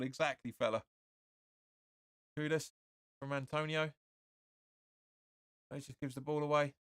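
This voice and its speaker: A man hosting a fan watch-along, giving live match commentary and reading viewer comments. He is excitable and opinionated, and keeps insisting "sorry, but no.". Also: medium pitch, measured pace, long pauses, clear, resonant tone, no room sound, clean studio sound.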